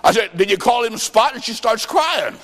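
High-voiced revival preacher in a big hall. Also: male voice, lively intonation, normal speed. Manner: dramatic, swings between quiet and shouted lines. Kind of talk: revival sermon with storytelling. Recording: long hall reverb.

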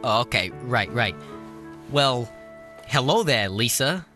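A woman's voice: a bass voice, expressive, slow pace, over music, heavily acted. A woman voicing a cocky teenage boy who cracks sarcastic jokes. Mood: joking. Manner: sarcastic, joking.

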